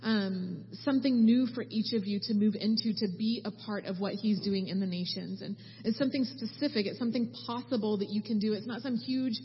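A woman with a Southern US accent, a missionary speaking to a church, sharing what she sensed in prayer in a soft, hesitant way with frequent ums. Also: mid-range voice, fairly quick, few pauses, breathy edge. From American South. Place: church sanctuary. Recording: reverberant hall, dull lo-fi sound.

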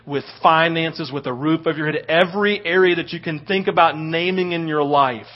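Animated man preaching a sermon. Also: a little high, muffled recording. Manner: animated storytelling with frequent "right?". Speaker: pastor.

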